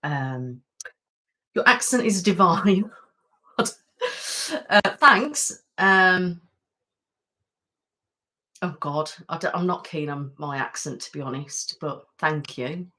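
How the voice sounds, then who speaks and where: Chatty West Midlands woman, low voice. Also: lively intonation, takes it slowly, pauses often, pushed and bright. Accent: West Midlands English. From West Midlands of England. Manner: chatty, rambling, self-deprecating, many ums. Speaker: ASMR channel host. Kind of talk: casual live-stream chat. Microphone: webcam setup at home.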